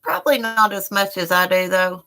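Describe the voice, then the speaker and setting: A woman's voice: mid-range voice, moderate pace, sharp tone. A woman hosting a live stream from home, chatting casually and rambling while she talks to her viewers as y'all. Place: indoors at home.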